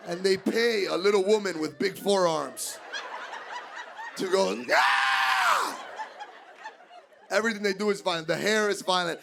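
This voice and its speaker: A young man from doing stand-up comedy, animated and acting out voices. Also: high-pitched, gravelly, a little hiss or hum. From Miami, USA.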